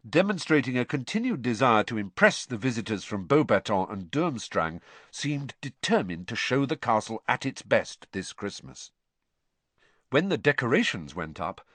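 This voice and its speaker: A man narrating a storybook aloud with expressive delivery. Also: lowish voice, no echo. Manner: expressive, animated. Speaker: audiobook narrator.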